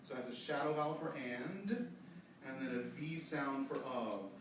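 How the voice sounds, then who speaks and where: Brisk male choir director, echoey room. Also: mid-range voice, noisy background. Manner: brisk, coaching, demonstrates phrases by voice. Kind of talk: choir rehearsal instruction. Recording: echoey room, distant mic, choir and piano.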